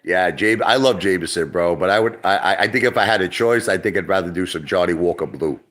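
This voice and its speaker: A middle-aged Brooklyn man, a livestream host, rambles and swears through a casual chat, repeating himself as he goes. His voice sits low and sounds a bit bright, and he talks briskly.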